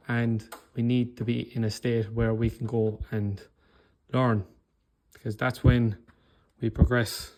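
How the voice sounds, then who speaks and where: This Irish-accented man has a medium-pitched, slightly mellow voice. In his motivational coaching talk he's blunt, swears, and shows controlled anger and passion, often pausing to ask "okay?".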